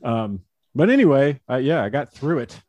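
A man's voice: mid-range voice, normal speed, no echo. Laid-back man telling stories, dry sound. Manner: relaxed, laughs often, acts out quotes. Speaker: former baseball pitcher, guest. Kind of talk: casual interview storytelling.

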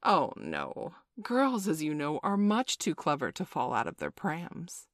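A woman reading a storybook aloud, voicing a merry, boastful young boy in a raised, lively voice. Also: sits low, unhurried, no echo, clean studio sound, heavily acted. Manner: bright boyish storybook voice, lively and proud.

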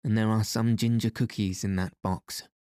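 A man voicing a kind, gentle aunt. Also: on the low side, steady tone, normal speed, clear, resonant tone, no echo, studio quality, close to an everyday voice. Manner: gentle, reassuring.

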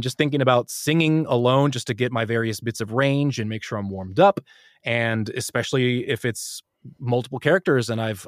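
Casting note: American male narrator and voice actor, animated guest chatter, mid-pitched, dry close sound. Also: no room sound. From United States. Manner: animated and eager, quick to jump between ideas. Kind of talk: casual interview talk.

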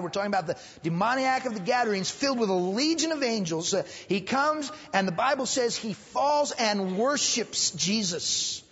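With a high, expressive voice that's a bit bright and slightly rough, a man pastor preaches a Sunday school sermon at normal speed, barely pausing. He repeats phrases and gets louder to stress his points, captured in a dull church hall recording with long reverb.

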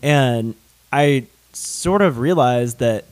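A man's voice: mid-range voice, expressive, slow pace, no room sound. A young man with a Southern accent, co-hosting a casual podcast chat, talkative and laughing often, with frequent restarts. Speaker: podcast co-host.

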